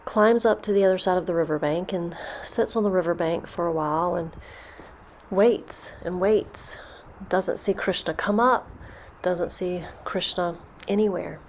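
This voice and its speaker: A woman guiding a storytelling meditation, speaking softly and slowly. She repeats phrases in a calm, gentle rhythm at a middle pitch. A faint hiss sits under her voice. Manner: slow, soft, repetitive storytelling. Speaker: meditation guide.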